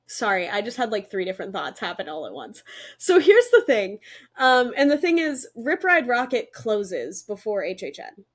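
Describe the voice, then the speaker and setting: A young woman co-hosting a podcast in casual chat, excited and talkative with lots of fillers. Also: medium pitch, normal speed. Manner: excited, chatty, many fillers. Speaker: podcast co-host.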